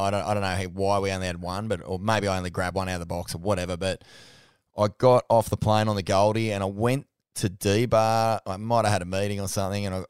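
A man's voice: lowish voice, smooth, no room sound, studio quality. A man hosting a casual chat, telling stories animatedly and swearing freely. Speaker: podcast host.

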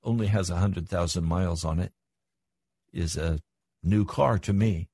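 Older guy preaching, kinda husky, gets earnest and goes up when he stresses stuff. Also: measured pace, dark tone. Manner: earnest, rises in pitch for emphasis. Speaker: pastor. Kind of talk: sermon.

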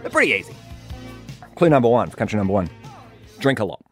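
A man's voice: lowish voice, very animated, fast, soft background music. A man hosting a radio show, joking around and reading out clues for a quiz game. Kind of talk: casual radio banter.

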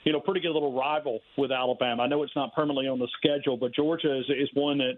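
A man's voice: mid-range voice, fairly even intonation, rapid-fire, a little hiss or hum. A man talking sports as a guest over the phone, emphatic and rambling, with many restarts. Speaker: radio host guest. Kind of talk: sports radio phone interview. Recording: tinny phone line.

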